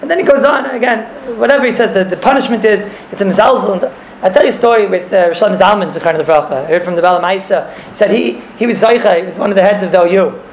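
A high-pitched man talks quickly as he teaches a religious class, explaining a text, telling stories, repeating phrases, and using Hebrew and Yiddish terms. The room is echoey, with slight background noise.

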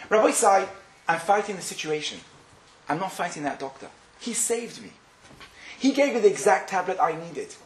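A man giving an animated Torah lecture as a rabbi, telling stories and weaving in Hebrew terms. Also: on the high side, slight background noise.

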